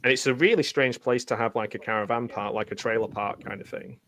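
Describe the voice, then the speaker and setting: A man's voice: mid-range voice, fast, a bit bright, slight background noise. Chatty man laughing on a commentary. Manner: chatty, laughing often, trailing off mid-sentence. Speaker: host. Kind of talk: casual commentary chat.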